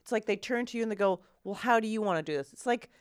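A woman in a casual chat, wry and quick with quips while telling stories. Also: mid-range voice, clear, resonant tone, dry recording, clean studio sound.

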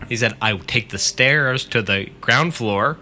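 A man's voice: medium pitch, unhurried, pushed and bright, a little hiss or hum. A man casually retelling a friend's scary story in the first person, swearing freely as he goes.

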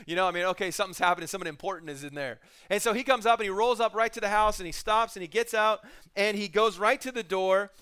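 A man's voice: sits high, quick pace, pushed and bright, clean tone. A middle-aged man preaching a casual sermon, retelling the story with jokes and acted-out bits of dialogue. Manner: casual, joking storyteller who acts out scenes. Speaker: pastor.

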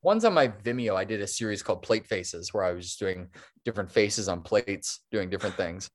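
A man's voice: fairly low pitch, animated, brisk. A man talking as a guest on a podcast interview, rambling and restarting his sentences, laughing easily. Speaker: guest, stop-motion animator.

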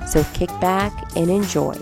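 Woman podcast host from Afghanistan, low and a bit gravelly, folksy and enthusiastic, faint music bed. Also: a little slow. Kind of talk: podcast introduction monologue.

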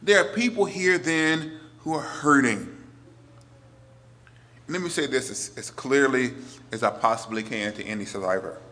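A priest in his forties preaching a sermon, earnest, moving between emphatic lines and hushed ones. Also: mid-range voice, unhurried, long pauses.

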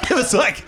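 A man's voice: extremely high pitch, creaky, sharp tone, slight background noise. A man with an Australian accent doing profane, rambling stand-up comedy and bantering with the audience. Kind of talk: stand-up comedy with crowd work. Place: comedy club stage before a live audience. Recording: live audience laughter throughout.

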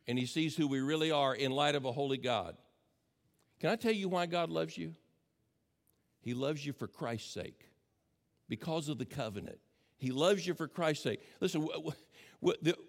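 A pastor preaching a sermon with passion, swinging between loud declarations and hushed, intimate asides. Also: male voice, on the high side, long reverb tail.

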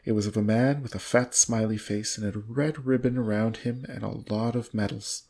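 A man reading a storybook aloud in a casual, amused way, breaking into laughter now and then. His voice is gravelly and husky. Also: lowish voice, fairly even intonation, normal speed, darkish tone. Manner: amused, often laughing between lines. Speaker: reader.

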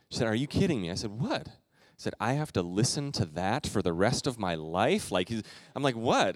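A middle-aged man preaching a sermon as the pastor of his church, telling stories in a relaxed, conversational way with quick asides. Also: fairly low pitch, no echo. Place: church sanctuary.

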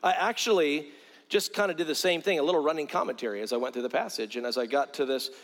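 A man's voice: on the high side, fast. A middle-aged male evangelist from South Carolina, preaching a sermon with stories and repeating words earnestly as he builds a point. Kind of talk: sermon with storytelling. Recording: long hall reverb.

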